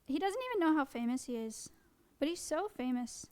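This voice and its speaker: A woman wildlife educator talking fast, with many fillers, in a casual live-stream presentation. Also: high-pitched, lively intonation, a little mellow.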